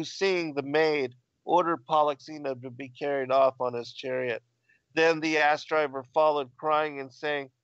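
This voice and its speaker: A man giving a scripted narration of an ancient text in a plain, measured way. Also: fairly high pitch, a bit bright, no echo, muffled recording. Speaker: reader of ancient texts.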